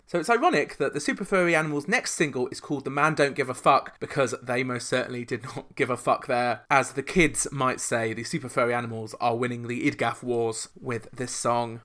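A man's voice: mid-range voice, pushed and bright. Wry male podcast host. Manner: wry, sarcastic asides. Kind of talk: scripted chart-history podcast.

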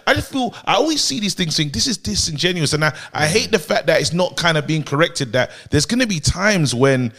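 A man's voice: on the high side, very animated, fairly quick, hardly any pauses, a bit bright. A married man, co-hosting a comedy podcast in a rambling, earnest way. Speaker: podcast co-host. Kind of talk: casual comedic chat.

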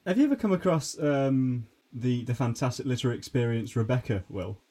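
A man's voice: medium pitch, lively intonation, brisk, mellow, soft background music. A man bantering on a podcast, teasing his co-host and laughing often. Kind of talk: casual banter.

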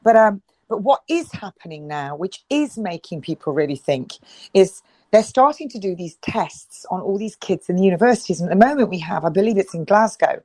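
A woman's voice: mid-range voice, lively intonation, a little fast, dark tone, no room sound, rough recording. Emphatic woman, dry sound. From United Kingdom. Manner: emphatic, many restarts and repetitions. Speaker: guest. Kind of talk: impassioned interview talk.

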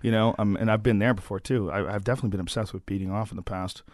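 A man's voice: lowish voice, fairly even intonation, racing, a little mellow, no echo, studio quality. A man who is a comedian, a guest on a podcast, telling stories bluntly and with plenty of swearing. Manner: blunt, profane storytelling. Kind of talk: casual chat.

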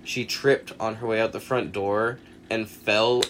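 Fairly low-pitched and measured, this young male podcast co-host spins a lengthy tale over a faint hiss or hum. He performs every quote with gusto and cusses often while chatting casually.

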